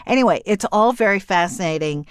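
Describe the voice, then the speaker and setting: A woman hosting a podcast interview, chatty and quick with asides, laughing easily. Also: medium pitch, animated, smooth, dry recording, clean studio sound. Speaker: podcast host. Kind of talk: conversational interview.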